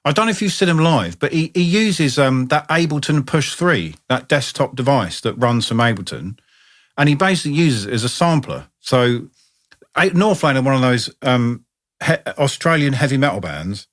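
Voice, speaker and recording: A man co-hosting a casual podcast, his pitch swinging up and down as he tells stories. He swears freely and gets carried away with enthusiasm. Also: sing-song, normal speed. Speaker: podcast co-host. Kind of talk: casual chat.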